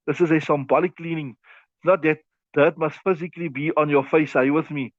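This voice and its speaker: A man's voice: fairly high pitch, steady tone, a little fast, dry recording. A man teaching a lesson on a classical text, repeating himself and talking listeners through hand movements. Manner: repetitive, demonstrating with his hands. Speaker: teacher of Islamic law. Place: class also streamed online. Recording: tinny phone-like audio.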